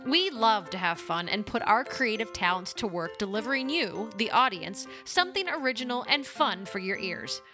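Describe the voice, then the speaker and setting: A woman hosting a podcast, calmly reading a scripted promo spot. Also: mid-range voice, normal speed, few pauses, over music. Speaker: podcast host.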